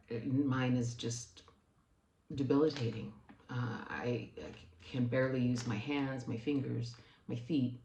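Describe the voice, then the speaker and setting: A woman vlogger earnestly telling a personal story to the camera, growing emotional and rising in pitch as she gets upset. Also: vocal fry, darkish tone, reverberant.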